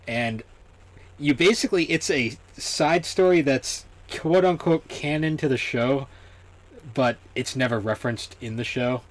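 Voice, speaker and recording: A man's voice: medium pitch, measured pace. A young man co-hosting a casual gaming podcast, chatting loosely with lots of fillers and laughter. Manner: laughs often, many fillers. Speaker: podcast co-host. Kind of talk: casual chat.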